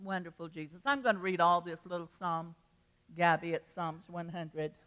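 A woman's voice: fairly low pitch, steady tone, normal speed, a bit bright. An older woman pastor preaching a sermon, telling a rambling story with restarts and bursts of feeling.

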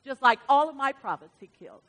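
A woman's voice: high voice, expressive, a little fast, a bit bright. Woman preaching as a vengeful queen. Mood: threatening. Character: spiteful threatening queen, vengeful and proud.

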